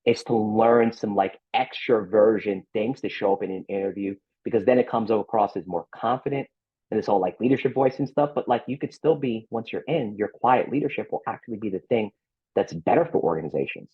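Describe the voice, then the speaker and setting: An outgoing man speaking as a podcast guest and executive recruiter, talking in an animated, emphatic way. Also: lowish voice, fairly quick, breathy edge, lo-fi sound. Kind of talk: casual interview talk.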